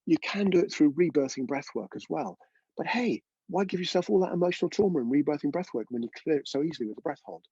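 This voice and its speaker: A man's voice: on the high side, animated, quick pace, dark tone, breathy edge, dry recording, muffled recording. A man teaching a live online breathwork class, chatty and coaching, often checking in with his students.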